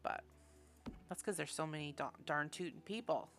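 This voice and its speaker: A woman talks in a loose, rambling chat while she plays a building game, laughing easily between thoughts. Her voice sits a little low but sounds bright and forward. Soft music plays faintly underneath. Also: moderate pace. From Canada. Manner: rambling, chatty, laughs often. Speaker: gaming streamer.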